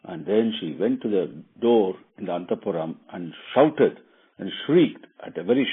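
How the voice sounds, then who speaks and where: A man's voice: deep voice, animated, moderate pace, slightly rough. A man telling a religious epic as a casual lesson, meandering and savoring details. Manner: meandering, with fillers and restarts, relishing details. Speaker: storyteller and teacher. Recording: tinny phone-like line.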